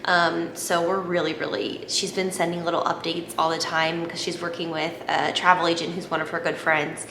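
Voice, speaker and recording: A woman, chatting to camera in a gushing vlog, repeating herself when excited. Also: fairly low pitch, moderate pace, hardly any pauses. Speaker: vlogger. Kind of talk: casual chat to camera. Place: home at night. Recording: echoey room, faint background noise.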